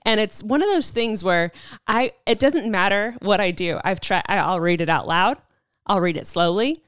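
A woman's voice: mid-range voice, expressive, moderate pace, a bit bright, clean tone, dry recording, clean studio sound. Chatty self-deprecating woman podcast host. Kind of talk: casual chat.

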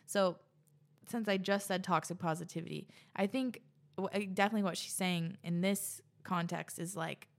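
A woman's voice: on the low side, moderate pace, creaky. Gushing young woman podcast host. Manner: gushing, chatty, many fillers. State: often out of breath. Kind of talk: reading listener messages and reacting.

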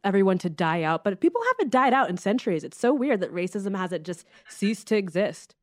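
A woman's voice: medium pitch, expressive, a little fast, a little mellow, no room sound, studio quality. A young adult woman guesting on a podcast, agreeable and thoughtful in casual chat.

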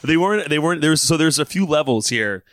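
A man co-hosting a podcast, chatting casually in a relaxed, joking and rambling way. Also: fairly high pitch, quick pace, no echo, studio quality. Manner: laid-back, joking, rambling with fillers. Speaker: podcast co-host, former pitcher.

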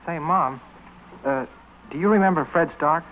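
A man's voice: on the high side, normal speed, close to an everyday voice. A man playing an earnest teenage son who speaks hesitantly and politely, in 1940s radio acting. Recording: tinny old radio broadcast, faint hiss.

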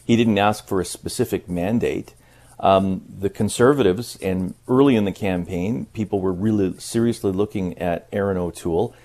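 Male radio commentator, very low voice, measured and explanatory. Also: mellow. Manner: measured, explanatory, thinks aloud with restarts. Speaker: radio news host and political commentator. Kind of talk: political analysis on a radio call-in.

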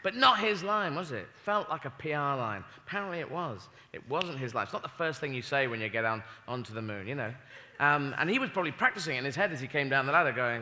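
A male comedian on stage in a large theater, doing a rambling stand-up routine, swearing and acting out bits with shouts. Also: mid-range voice, animated, fast, background noise. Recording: live hall reverb, faint crowd.

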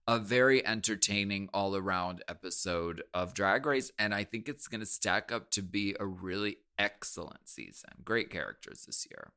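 A man's voice: on the low side, expressive, moderate pace, few pauses, pushed and bright, smooth. A man co-hosting a podcast in playful, giggly, joking chat. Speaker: podcast co-host. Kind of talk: casual comedic chat.

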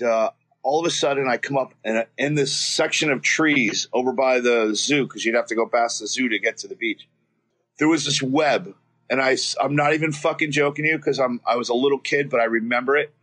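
Man from Florida, rambling, swears a lot, restarts, average pitch. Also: fairly bright tone. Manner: rambling and profane, with many restarts. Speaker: guest. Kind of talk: casual storytelling.

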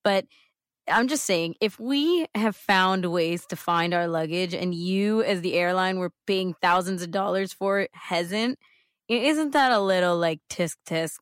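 A woman with a lowish voice co-hosts a casual chat and pushes her opinions hard. She keeps repeating her point to drive it home. The sound is dry and close. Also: measured pace, dry recording. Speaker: co-host.

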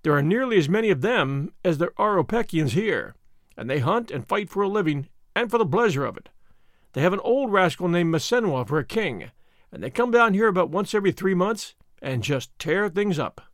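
A man's voice: sits high, sing-song, brisk, dry recording, studio quality. A man voicing a young, doubtful secretary in an audiobook, speaking with a wondering tone. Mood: explaining.

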